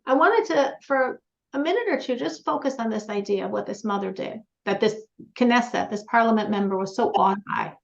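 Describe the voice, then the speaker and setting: A woman's voice: a little high, animated, a little fast, vocal fry. A woman teaching a religious class, telling stories earnestly and putting questions to the group. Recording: dull lo-fi sound.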